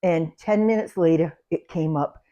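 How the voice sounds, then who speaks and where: Older New woman, salon owner, casual storytelling, animated and chatty; she laughs as she talks. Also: sits low, moderate pace, lo-fi sound. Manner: animated, laughs through anecdotes, loud when acting out yelling.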